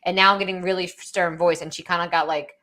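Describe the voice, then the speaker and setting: Chatty young mom telling a story. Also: female voice, fairly low pitch, fairly even intonation, quick pace, pushed and bright. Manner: storytelling, quoting her toddler with lots of "like". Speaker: podcast co-host. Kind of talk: casual chat.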